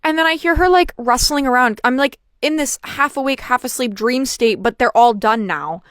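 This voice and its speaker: Young woman yapping through a storytime, animated and full of "like"s, clean smooth voice, dry sound. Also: high-pitched, moderate pace, dry recording. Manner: chatty, animated, filler-heavy storytelling. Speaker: vlogger. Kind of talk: casual storytime chat.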